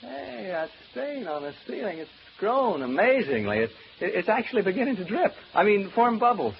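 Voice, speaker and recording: A man's voice: high voice, very animated, moderate pace, vocal fry, slight background noise, full character voice. An actor playing a chatty, nervous radio announcer alone in a haunted house, rambling and joking nervously as he talks to his listeners in a 1940s radio drama. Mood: uneasy joking. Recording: muffled old radio broadcast recording.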